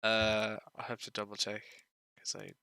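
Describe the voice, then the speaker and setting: A man's voice: lowish voice, completely flat delivery, moderate pace, vocal fry, noisy background. A man with an Irish accent, hosting a stream, chatting casually and easily and laughing often as the session winds down. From Ireland. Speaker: game master and stream host. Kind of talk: casual chat at the end of a stream.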